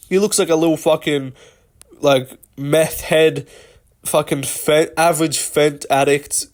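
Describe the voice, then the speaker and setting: A man hosting a casual commentary vlog, rambling and swearing with lots of fillers. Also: a little high. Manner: rambling and profane, many fillers. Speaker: host.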